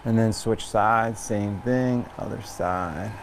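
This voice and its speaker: A man's voice: lowish voice, takes it slowly, a little hiss or hum. Earnest American man teaching yoga. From Long Island, New York. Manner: rambling, earnest, with many restarts. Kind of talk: casual yoga class talk.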